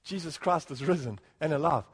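A man's voice: fairly high pitch, lively intonation, brisk, slightly rough. A man preaching an earnest expository sermon, often rising to emphatic points and chuckling between them. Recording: long hall reverb.

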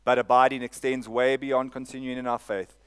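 A man's voice: medium pitch, level tone, brisk, clear, resonant tone. A male pastor delivers a sermon. He preaches in a mid-range voice, repeating phrases for emphasis and checking in with the congregation. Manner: preaching with call-and-response "Amen?" and repetition.

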